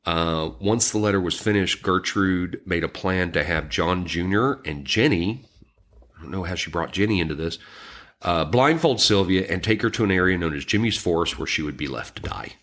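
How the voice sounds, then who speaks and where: A man co-hosting a podcast, recounting a true crime story in a somber, halting way, with frequent ums and restarts. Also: deep voice, animated, a bit bright. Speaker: podcast co-host.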